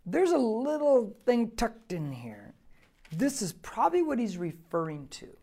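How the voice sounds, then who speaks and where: A man's voice: sits high, huge pitch swings, a little slow, creaky. Emphatic male pastor teaching scripture. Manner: emphatic, asks the listeners rhetorical questions; swings between quiet asides and loud stressed points. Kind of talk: verse-by-verse Bible teaching sermon.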